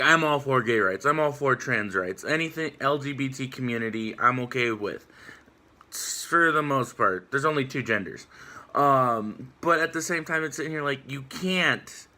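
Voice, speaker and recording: Male vlogger, rambling casual rant, very bright tone. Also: mid-range voice, unhurried. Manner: casual, rambling, filler-heavy. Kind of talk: ranting response video.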